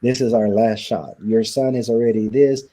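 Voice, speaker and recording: Being interviewed, a man shares a personal story and acts out the dialogue of the people involved. His voice is fairly low and dark, with fairly even intonation and a normal speaking speed.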